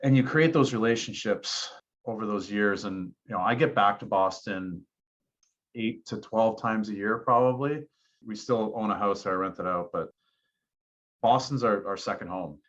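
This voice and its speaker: A man's voice: fairly low pitch, moderate pace, a bit bright. A man speaking as a podcast guest, telling personal stories in an earnest, reflective way. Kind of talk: casual interview talk. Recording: dull lo-fi podcast audio.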